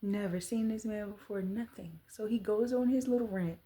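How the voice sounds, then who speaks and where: A woman in her thirties telling a personal story to the camera, earnest and animated as she retells it. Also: mid-range voice, moderate pace. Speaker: vlogger.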